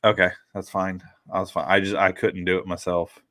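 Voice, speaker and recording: A man's voice: deep voice, level tone, a little fast, a bit bright. A man hosting a casual podcast chat, reading out list entries and swearing freely. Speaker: podcast host.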